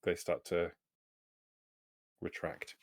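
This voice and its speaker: A man narrating as game master of a tabletop game, relaxed and halting, with many fillers. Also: no room sound, clean studio sound.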